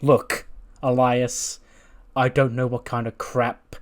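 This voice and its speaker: A man voicing a brooding, fed-up male wrestler who speaks deliberately and with menace. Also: medium pitch, flat delivery, natural voice.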